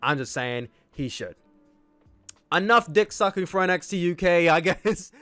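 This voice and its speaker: A man reviewing a wrestling match on his own channel, talking loosely and enthusiastically, piling up praise and tripping over his words. His voice sits a little high for a man. The recording is close and dry, with no room sound. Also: a little slow, no echo, soft background music. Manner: enthusiastic, rambling, excitable outbursts. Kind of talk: casual solo review.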